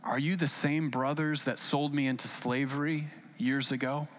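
A man's voice: medium pitch, steady tone, moderate pace, fairly bright tone, slight background noise, pitched below the performer's own voice, close to an everyday voice. A man voicing a wronged brother who speaks in a grave, accusing way.

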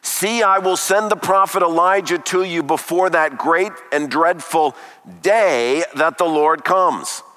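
A man preaching a sermon emphatically, with dramatic pauses and rhetorical questions. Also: a little high, pushed and bright, big-room sound.

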